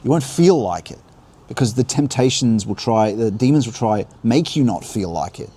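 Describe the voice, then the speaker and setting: A man's voice: medium pitch, animated, dark tone, slightly rough. A man giving an earnest, unscripted spiritual talk on a livestream outdoors by a river, musing and restarting his thoughts as he goes. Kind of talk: unscripted religious teaching on a livestream. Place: outdoors beside river rapids. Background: faint rushing water.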